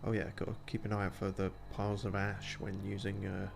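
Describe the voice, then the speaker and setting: A deep-voiced, creaky male streamer speaks briskly in a monotone, with background noise audible. He chats casually through his gameplay, swearing often and poking fun at himself.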